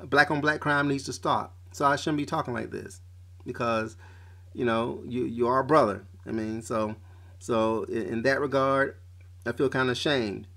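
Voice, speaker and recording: A man's voice: mid-range voice, steady tone, moderate pace, gravelly, bright, forceful tone. A man hosting a podcast, delivering a blunt, profane off-the-cuff rant full of slang and stumbling restarts. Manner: slangy street talk. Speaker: podcast host.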